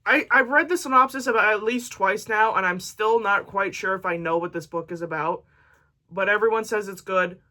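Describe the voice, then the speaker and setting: A woman's voice: mid-range voice, moderate pace, bright, forceful tone. A woman book vlogger chatting casually to camera, reading book blurbs aloud with jokey asides.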